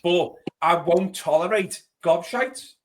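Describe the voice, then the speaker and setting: High-voiced self-mocking man. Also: slow pace. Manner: self-deprecating, animated storytelling. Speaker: podcast panelist. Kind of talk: casual chat.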